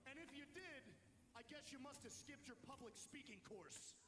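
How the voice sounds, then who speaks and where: Boastful wrestler mocking rivals, high-pitched and shouting, long reverb of a big arena. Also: male voice, animated, normal speed, heavy background noise. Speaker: pro wrestler. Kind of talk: wrestling promo. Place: large arena.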